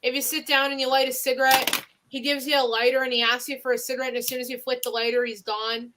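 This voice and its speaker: Her voice is high-pitched with little pitch movement and a quick pace, over a noisy background. She hosts a podcast, telling local ghost stories in a casual, rambling way with lots of fillers and restarts, in a Northeastern Pennsylvania accent.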